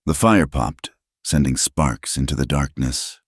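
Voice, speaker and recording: A male storyteller reads a frontier tale in a calm, unhurried, scripted delivery. His voice is extremely low and deep. The recording is dry and close-miked. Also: slightly rough, dry recording. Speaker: narrator.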